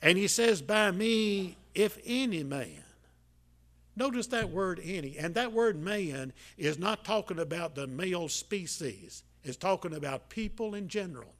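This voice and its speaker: An older pastor delivers a folksy sermon in a high voice for a man. He stumbles through strings of "uh"s, then punches key lines loudly before dropping to quiet asides. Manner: folksy, repetitive, many filler "uh"s, swings between loud emphasis and quiet asides.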